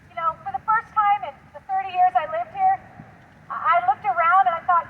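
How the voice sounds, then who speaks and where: A middle-aged woman speaks as a community activist, her voice pitched very high. She talks earnestly and conversationally, stumbling into small restarts. The recording is a little dull, with faint traffic noise outdoors behind her. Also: steady tone, fairly quick. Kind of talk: outdoor advocacy statement. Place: outdoors by a street.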